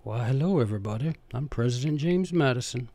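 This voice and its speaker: A man voicing a polite, gentle founding-era president, speaking in a quiet, courtly way. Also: medium pitch, lively intonation, a little fast, no room sound.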